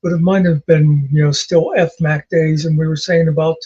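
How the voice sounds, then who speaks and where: A man's voice: on the high side, level tone, normal speed, warm tone, slightly rough, lo-fi sound. A man co-hosting a casual chat, telling rambling stories with many fillers. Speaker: podcast co-host.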